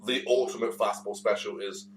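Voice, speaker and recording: A man's voice: fairly low pitch, steady tone, a little fast. Rambling man in an echoey room. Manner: rambling, laughs often, swears casually. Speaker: podcast co-host. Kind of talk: casual chat. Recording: echoey room, mic at a distance, faint hum.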